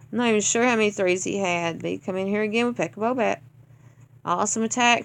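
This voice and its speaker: A woman's voice: medium pitch, smooth. A woman leading a gaming clan, giving casual commentary over gameplay in a blunt, exasperated rant. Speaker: clan leader reviewing game attacks.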